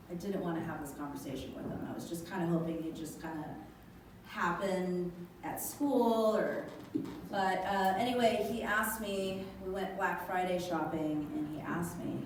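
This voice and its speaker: A middle-aged woman performing a stand-up comedy set, telling a story with animated energy and jumping into high voices to quote her kids. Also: a little hiss or hum. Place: live comedy venue. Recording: echoey hall from far off with loud ambience.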